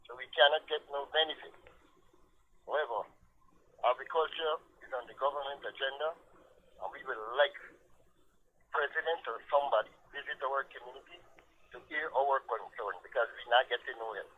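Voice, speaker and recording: A man with a Guyanese accent calling in, speaking haltingly with uneven loudness and repeated words. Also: medium pitch. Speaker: caller, local councillor. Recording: phone line with faint hiss.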